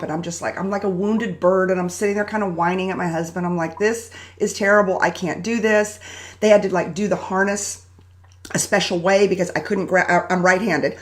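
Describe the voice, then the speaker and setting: A woman hosting a live motivational talk, telling a personal story in a chatty, animated way and greeting viewers by name. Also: mid-range voice. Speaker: host.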